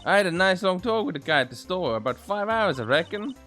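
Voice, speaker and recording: A man voicing a brash young female photographer in a courtroom game, speaking with a put-on drawl in a loud, folksy, blustering way. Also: sits high, sing-song, a little fast, faint music behind, voice pushed up, full character voice.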